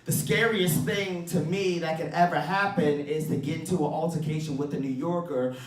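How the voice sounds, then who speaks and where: A young man from Baltimore performing a stand-up comedy set, animated, swinging between low asides and loud shouted bits. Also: normal speed, roomy sound, far from the mic. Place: comedy bar stage.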